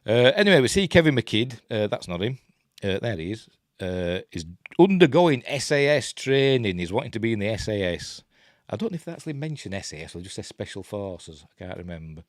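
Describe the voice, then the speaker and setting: Chatty Yorkshire man, lively pitch. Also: a little fast, no echo, clean studio sound. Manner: rambling, chatty, self-interrupting. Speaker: host. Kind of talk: casual live film commentary. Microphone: webcam.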